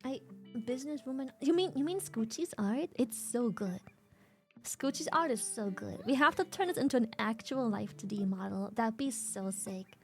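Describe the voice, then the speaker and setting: Giggly high-pitched woman streamer. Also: animated, normal speed, darkish tone, faint music behind. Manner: giggly, teasing, swears freely. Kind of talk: casual live-stream chat.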